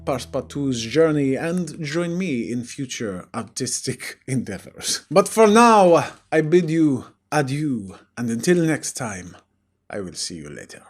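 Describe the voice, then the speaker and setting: A man's voice: medium pitch, big pitch swings, unhurried. A man voicing a pompous male French starving artist with a put-on, exaggerated French accent, in grandiose, theatrical comic role-play over a game.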